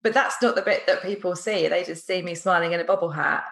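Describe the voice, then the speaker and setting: A chatty woman host talking on a podcast, her voice sitting a little low for a woman. She laughs easily and fills her speech with casual asides. The sound carries a roomy echo around her. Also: fast, fairly bright tone. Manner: chatty, laughs often, many "like" fillers. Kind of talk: casual conversation.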